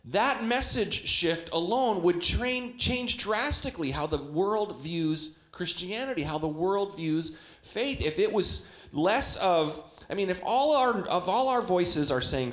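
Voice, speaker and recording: A young adult man preaching a sermon in a church, talking conversationally with many rhetorical questions and animated quoted voices. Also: a little high, moderate pace, echoey room. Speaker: pastor. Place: church hall.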